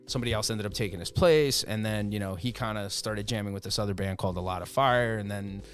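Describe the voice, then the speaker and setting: A man's voice: lowish voice, fast talker. Rambling North Jersey guy, casual. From northern New Jersey. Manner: rambling, swears freely, lots of "you know". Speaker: podcast guest, band member. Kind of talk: casual chat.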